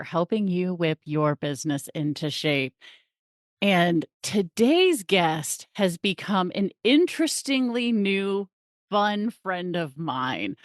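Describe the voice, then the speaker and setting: A woman's voice: lowish voice, dry recording, clean studio sound. A woman hosting a podcast, bubbly and gushing as she introduces her guest, laughing often. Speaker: podcast host. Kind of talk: casual interview chat.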